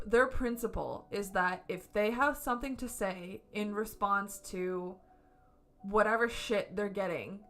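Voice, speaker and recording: A woman's voice: mid-range voice, a bit bright. A woman streaming from home, reviewing a concert in a casual, gushing way and swearing freely. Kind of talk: casual excited review chat. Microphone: camera setup at home.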